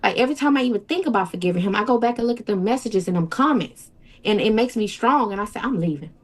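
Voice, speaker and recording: A woman's voice: a little high, lively intonation, fast. A young woman, an interview guest recounting a personal ordeal in a tumbling, repetitive way. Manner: tumbling storytelling, quotes others in voices, repeats and restarts. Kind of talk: emotional personal account.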